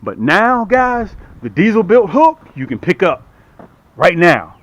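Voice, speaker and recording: A middle-aged man casually demonstrating and selling fishing hooks to the camera, talking in a repetitive, lively salesman patter and calling viewers "guys". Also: sits high, a little slow. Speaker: fishing gear seller and channel host. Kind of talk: casual product demo to camera.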